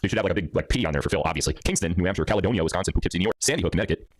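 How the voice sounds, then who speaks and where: Low-voiced man talking at breakneck speed. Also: slight background noise. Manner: rapid and excitable, leaps to high exclamations. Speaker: livestream host. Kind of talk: upbeat livestream chat, reading viewer locations.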